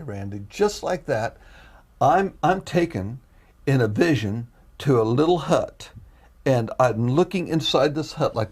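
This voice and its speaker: A man giving an emotional testimony as a guest, animated and repeating himself as he acts out his own prayers. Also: mid-range voice, husky. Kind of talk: emotional storytelling.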